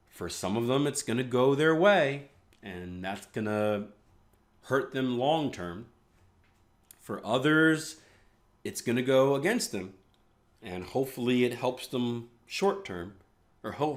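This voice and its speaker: A man hosting a live trading room, analyzing charts in a casual, chatty way with rambling asides. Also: on the low side.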